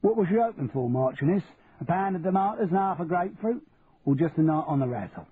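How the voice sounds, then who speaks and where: A man's voice: a little high, lively intonation, fast talker, husky, voice pushed up. A man voicing a cheeky, wry self-made Londoner with a faint Cockney accent. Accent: softened Cockney. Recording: tinny, phone-like audio, faint hiss.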